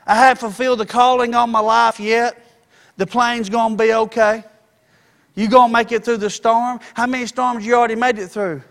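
A male pastor delivers a passionate sermon in a high-pitched voice. He swings between conversational asides and rising, shouted exhortation. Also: level tone, moderate pace. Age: adult. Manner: fervent preaching, rising to shouts.

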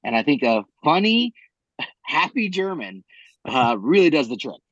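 A man co-hosting a casual podcast, animated and rambling, with a fairly high voice and frequent swearing. His voice sounds dry and a little dull. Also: a little slow, no room sound. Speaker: podcast co-host.

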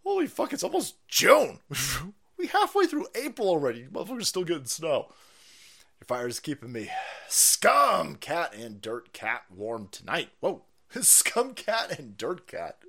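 A man hosting a live stream, ranting in profane commentary, mocking and laughing often, breaking into loud excited outbursts. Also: on the high side, unhurried, vocal fry. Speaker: livestream host.

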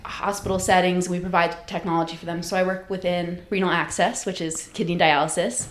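A woman's voice: lowish voice, steady tone, brisk. A woman in her twenties, a podcast guest chatting casually, easygoing and giggly with lots of fillers. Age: 20s.

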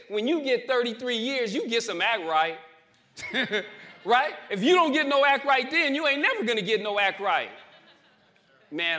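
Bright high-voiced man preaching testimony. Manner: call-and-response preaching, emphatic repetition, swells louder to the crowd. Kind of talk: testimony sermon. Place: church.

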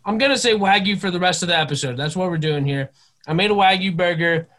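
A man's voice: sits high, fast talker, a bit bright. A young man co-hosting a casual podcast, joking and swearing freely as he leads the chat. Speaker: podcast co-host.

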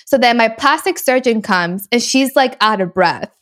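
Young woman, higher voice, chatty storyteller, casual chat. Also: lively intonation, normal speed, a bit bright. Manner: chatty storyteller, many fillers, frequent laughs.

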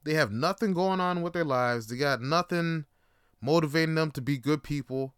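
A man's voice: on the high side, normal speed, fairly bright tone, clean tone, no echo, clean studio sound. A man hosting a podcast, telling stories in a casual, rambling monologue with plenty of swearing and filler words. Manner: rambling and profane, full of fillers. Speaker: podcast host.

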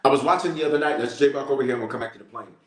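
A male bishop preaching in a lively storytelling way and calling out to his listeners. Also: mid-range voice, very fast, echoey room. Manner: storytelling, animated, calls out to listeners. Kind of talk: sermon-style prayer message.

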